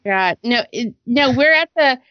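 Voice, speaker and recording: Thirties woman, podcast co-host, high-ish voice, blunt and profane; dry, dull-sounding recording. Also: a little slow, dry recording. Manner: blunt and profane, quotes herself in animated voices. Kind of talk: casual chat.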